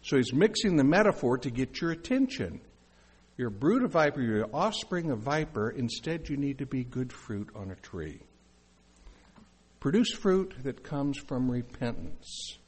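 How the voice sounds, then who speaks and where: A male pastor delivers a sermon with a slightly husky voice and a lively, swinging pitch. He takes his time, speaking slowly and talking directly to the congregation with questions and asides. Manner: conversational preaching with asides to the congregation.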